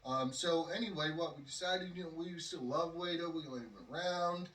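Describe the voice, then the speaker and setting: A podcast host with a brisk, fairly high and bright voice tells a casual story, rambling with many fillers and acted-out quotes. The recording sounds roomy, with the mic placed at a distance.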